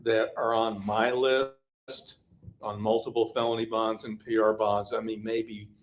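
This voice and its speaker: A man's voice: fairly low pitch, little pitch movement, measured pace, poor audio. A man, a crime reporter, in casual chat who tells stories and often repeats words while he gathers his thoughts.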